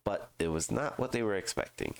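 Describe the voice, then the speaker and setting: A congested man, hosting a true crime show and reading a news article aloud, halting with fillers and restarts. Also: lowish voice, animated, vocal fry. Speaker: true crime podcast host.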